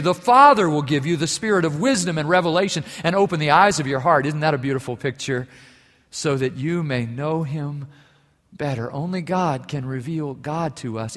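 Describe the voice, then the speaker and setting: A man preaching a sermon with earnest emphasis. He swells louder on key phrases and drops soft when telling a story. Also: sits high. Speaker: pastor. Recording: long hall reverb.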